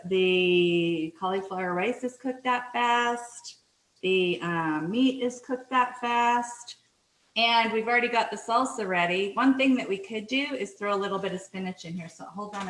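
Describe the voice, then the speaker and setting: A woman's voice: mid-range voice, fairly bright tone, echoey room, slight background noise, low-quality recording. A middle-aged Canadian woman hosting a casual cooking show from her kitchen, chatty and self-deprecating, apologizing often as she works. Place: home kitchen.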